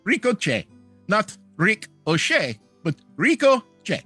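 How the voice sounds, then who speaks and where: Squeaky tiny frog-folk mage. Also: male voice, big pitch swings, a little slow, sharp tone, soft background music, full character voice. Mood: polite. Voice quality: high squeaky put-on voice. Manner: prim and overly courteous.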